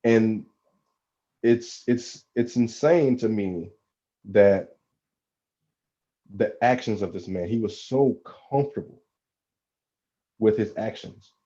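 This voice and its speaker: A man hosting a podcast, speaking deliberately with halting restarts in casual discussion. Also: fairly low pitch, dark tone. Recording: dull, muffled audio.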